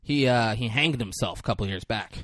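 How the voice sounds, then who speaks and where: A man co-hosting a podcast, recapping a movie in a crude, animated way and acting out the characters' lines. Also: mid-range voice, a little fast, dry recording, studio quality. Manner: crude, animated retelling with acted-out quotes. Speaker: podcast co-host. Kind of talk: casual movie recap chat.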